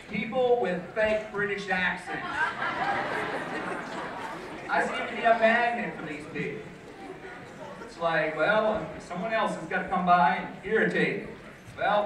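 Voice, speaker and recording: A man's voice: sits high, noisy background. Older man teacher doing stand-up in an echoey hall. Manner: storytelling, mock-indignant. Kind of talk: stand-up comedy routine. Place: school auditorium stage. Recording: echoey hall, distant mic.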